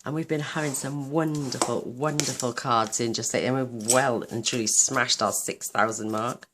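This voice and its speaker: A woman hosting a card-making tutorial, chatting enthusiastically while she works, her voice a little croaky. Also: rumbling low, steady tone, normal speed, background noise. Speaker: craft channel host.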